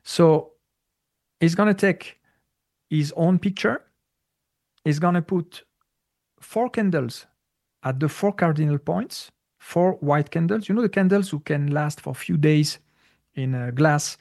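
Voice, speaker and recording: A man speaking English as a second language, explaining spiritual ideas in a casual, halting way with many fillers and searches for words. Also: fairly high pitch, gravelly, darkish tone. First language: not English. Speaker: spiritual teacher. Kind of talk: casual conversational talk.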